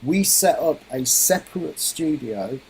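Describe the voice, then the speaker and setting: A man's voice: a little high, animated, unhurried, mellow, slight background noise, poor audio. A middle-aged man, a guest musician, explaining his craft thoughtfully in a radio interview.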